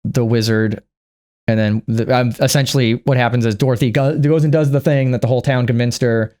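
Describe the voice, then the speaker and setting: A man giving a casual, rambling and profane movie recap, acting out the characters in squeaky put-on voices. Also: brisk, darkish tone. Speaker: movie reviewer.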